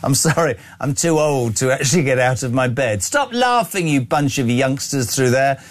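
A man's voice: medium pitch, animated, moderate pace, few pauses. A man, hosting a breakfast radio show in a brash, joking, blunt way. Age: 60s. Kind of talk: casual radio chat. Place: radio studio.

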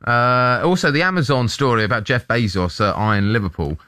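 A man's voice: medium pitch, fairly quick, sharp tone, no room sound. A man co-hosting a radio show, chatting about the papers with mock-fussy remarks. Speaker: radio co-host. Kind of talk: casual chat, newspaper review.

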